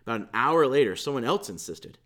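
A male pastor delivering a sermon in an easygoing, conversational style. He retells a scripture story with informal asides, and his voice rises and falls in a lively, expressive way while staying at a middle pitch. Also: a little fast.

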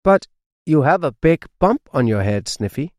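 A man voicing a calm, kind male dog doctor in a children's storybook, speaking thoughtfully. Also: fairly high pitch, normal speed, no echo, studio quality. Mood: examining.

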